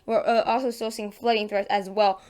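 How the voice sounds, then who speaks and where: Chatty woman with a smooth morning voice. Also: mid-range voice, little pitch movement, a little fast, darkish tone. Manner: chatty, frequent fillers and self-corrections. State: just-woken morning voice. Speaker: weather channel host. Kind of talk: casual weather forecast vlog.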